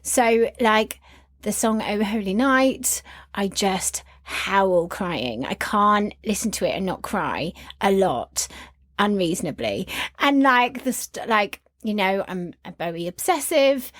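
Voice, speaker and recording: A woman's voice: medium pitch, animated, slow pace, fairly bright tone. A woman co-hosting a podcast, chatting in effusive, rambling bursts. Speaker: podcast co-host. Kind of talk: casual chat.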